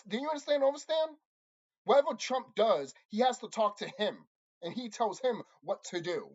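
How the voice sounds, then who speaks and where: A channel host delivering an angry, profane monologue to viewers, repeating himself and insulting his audience. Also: brisk. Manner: lively swings in pitch and loudness. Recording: dull lo-fi recording.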